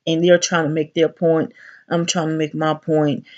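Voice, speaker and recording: A woman's voice: deep voice, little pitch movement, moderate pace, a little mellow, highs cut off. Brash woman in her thirties ranting. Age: 30s. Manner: brash, profane, addresses viewers directly. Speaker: vlogger. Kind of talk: casual ranting vlog.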